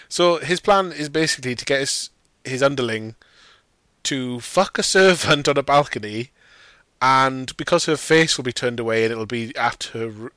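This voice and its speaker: A man's voice: medium pitch, bright, forceful tone, no echo. A young man chatting casually about a film, sweary and sarcastic, often laughing. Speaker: podcast co-host.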